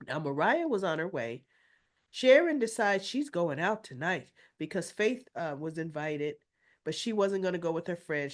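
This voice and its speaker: A woman hosting a casual soap opera recap, chatty and opinionated, acting out the characters' lines and sounding a little winded. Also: fairly low pitch. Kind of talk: casual retelling of episodes.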